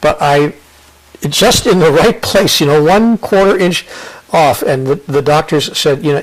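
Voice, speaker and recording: American guy in an interview, earnest and thoughtful, kinda high voice, keeps restarting sentences. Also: rough recording. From United States. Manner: earnest, restarts and repeats phrases, slows for emphasis. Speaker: interview guest, spiritual author. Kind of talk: reflective interview talk.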